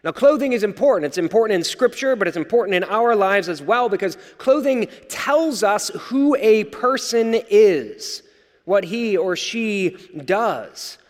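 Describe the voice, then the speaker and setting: A male pastor preaching a sermon, earnest and emphatic, slowing down for proclamations. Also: high voice, animated, in a large hall.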